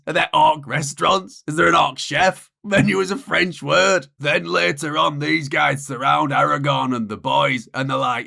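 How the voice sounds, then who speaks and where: A man narrating a sarcastic, crude comedy recap with deadpan asides. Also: a little high, normal speed, gravelly, few pauses.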